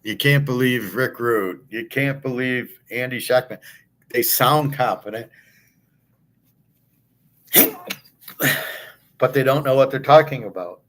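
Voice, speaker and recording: A man's voice: medium pitch, slow, long pauses, fairly bright tone, a little hiss or hum. A middle-aged man hosting a show, ranting in blunt, profane, scornful commentary. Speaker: host.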